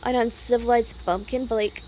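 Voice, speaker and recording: A young woman with a high voice vents in a rambling, casual monologue. She sounds upset and swears freely, with lots of fillers. Faint crickets chirp behind her. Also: fairly even intonation, normal speed, background noise. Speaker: vlogger.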